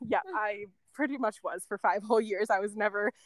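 A woman with a medium-pitched voice speaks a little fast, with no echo. Interviewed as a guest and former end-of-life caregiver, she tells a story casually, full of "like" and "um" and small laughs between thoughts.

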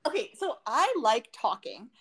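A young woman co-hosting a podcast in casual chat, talking quickly and chiming in often. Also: fairly high pitch, big pitch swings, fairly bright tone, breathy edge. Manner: chatty and quick, with reactive interjections. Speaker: podcast co-host.

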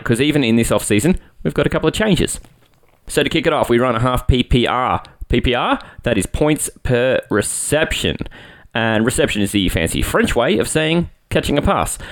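An Australian man hosts a podcast in an easygoing, joking manner. He pokes fun at himself as he talks. His voice sits on the low side. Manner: chatty, joking, self-deprecating. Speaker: podcast host. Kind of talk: casual podcast talk.

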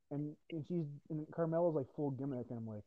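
A man's voice: fairly high pitch, normal speed, background noise. Profane young man ranting, dull lo-fi sound. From New Jersey. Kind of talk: casual chat.

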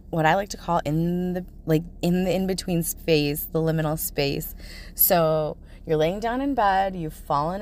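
A woman talking casually and directly to her listeners, chatty, full of "like" and "okay?" check-ins. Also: fairly low pitch.

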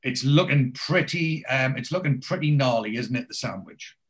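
Rambling man with a mid-pitched voice. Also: lively intonation, normal speed. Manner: rambling, heavy on fillers. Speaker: podcast host. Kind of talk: casual chat recapping a TV episode.

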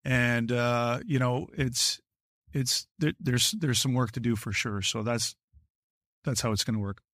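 A man answering questions as a hockey executive at a press conference, measured and halting, with frequent restarts. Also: medium pitch, fairly even intonation, fairly bright tone, dry recording, studio quality.

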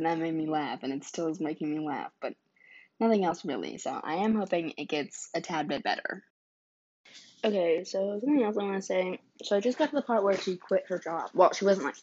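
A woman's voice: fairly low pitch, dull audio. A young woman vlogging, telling rambling stories in a casual, giggly way with lots of fillers. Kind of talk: casual storytelling chat.

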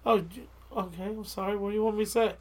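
A woman's voice: medium pitch, fairly even intonation, fast talker, darkish tone. Rambling Delco-accented woman podcaster. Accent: Delco (Delaware County, Pennsylvania). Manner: rambling, self-interrupting, apologetic. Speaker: podcast co-host. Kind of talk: casual podcast chat.

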